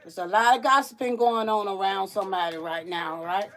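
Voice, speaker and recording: A woman's voice: medium pitch, fairly even intonation, a little fast, a bit bright. Chatty woman hosting a livestream card reading. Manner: chatty, repetitive, addresses viewers as y'all. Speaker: psychic card reader host.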